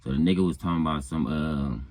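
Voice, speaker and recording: Easygoing male storyteller, very low voice, loose and profane, chuckling as he goes. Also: steady tone, quick pace, darkish tone, no room sound. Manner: laid-back, profane, peppered with "you know what I'm saying"; chuckles between phrases. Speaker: storyteller recounting his own past. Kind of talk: casual storytelling.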